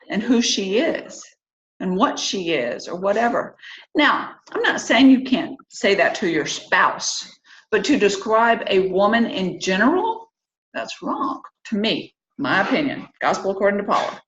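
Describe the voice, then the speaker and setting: A woman in her fifties talks casually to her online group as host, chatty and forthright about her opinions. Her voice sits at a middle pitch and comes through a call mic. The sound is roomy and a little dull. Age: 50s. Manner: chatty, animated when quoting and opinionated.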